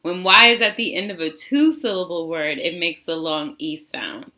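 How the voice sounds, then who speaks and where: A woman teaching a phonics lesson to children, enunciating slowly and repeating words for them to echo. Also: fairly low pitch, bright, forceful tone. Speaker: literacy teacher.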